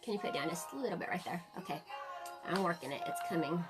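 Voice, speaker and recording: A woman's voice: lowish voice, expressive, fast talker, loud music behind the voice. A woman in her forties hosting a casual live-stream makeup tutorial, chatting to viewers and laughing often. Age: 40s.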